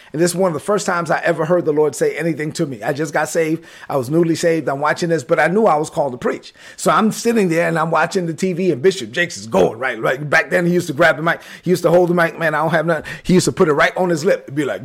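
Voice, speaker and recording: Brooklyn-accented male preacher, husky and fairly high-pitched, animated storyteller. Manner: animated storyteller, acts out quotes, sudden shouts. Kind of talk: sermon-style storytelling. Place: livestream with chat.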